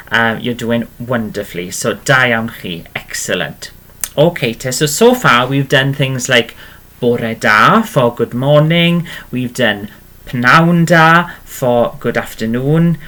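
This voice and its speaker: A man's voice: medium pitch, sharp tone. A man teaching a beginner language lesson, patient and encouraging, often checking in with "okay?". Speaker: Welsh language tutor.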